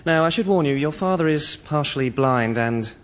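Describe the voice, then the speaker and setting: An actor playing a mischievous, matter-of-fact doctor in a comedy sketch. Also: male voice, fairly high pitch, expressive, normal speed, a little hiss or hum, lightly acted. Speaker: doctor in a care home.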